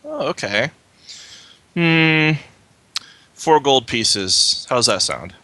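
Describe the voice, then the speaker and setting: A man playing in a tabletop game, speaking in character in a hesitant, deliberate way. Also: mid-range voice, sing-song, pushed and bright, no room sound. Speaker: player.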